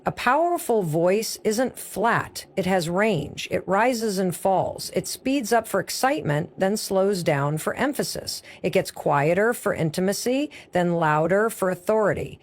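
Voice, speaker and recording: A woman delivering a motivational speech as a speaker, coaching the listener in short, emphatic, punchy phrases. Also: medium pitch.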